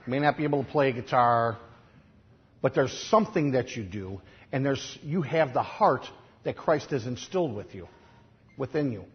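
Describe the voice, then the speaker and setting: A man with a Chicago accent preaching a sermon, telling stories in a conversational way and swinging from quiet asides to loud, emphatic lines. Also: medium pitch, lively intonation, normal speed, muffled recording. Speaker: pastor.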